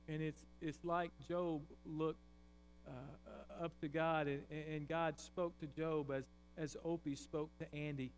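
A man pastor preaching a sermon, swinging from a loud raised voice to quiet intensity. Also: on the high side, measured pace. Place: church sanctuary. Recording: faint mains hum.

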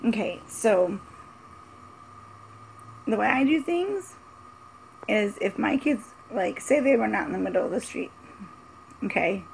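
A woman's voice: medium pitch, lively intonation, unhurried, creaky, pauses often, slight background noise. A woman in her forties, a mother vlogging her opinions in a blunt, emphatic, repetitive way. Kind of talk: casual opinion vlog.

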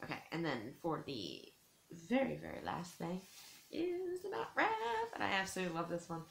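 A woman's voice: fairly low pitch, big pitch swings, moderate pace, vocal fry. A woman chatting in a casual haul vlog, rambling with lots of "like" fillers and giggly, self-teasing asides. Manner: chatty, rambling, heavy use of "like". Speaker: beauty vlogger.

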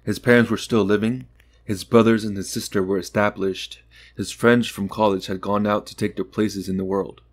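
A man reading a short story aloud in calm, unhurried scripted narration. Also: on the low side. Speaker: audiobook narrator.

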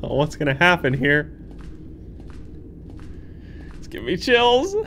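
A young man hosting a horror game playthrough, talking to viewers, jumpy and swinging from hushed muttering to yelps. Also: fairly high pitch, very animated, takes it slowly, a little hiss or hum. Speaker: gaming channel host. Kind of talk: horror game let's play commentary. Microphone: desk microphone.

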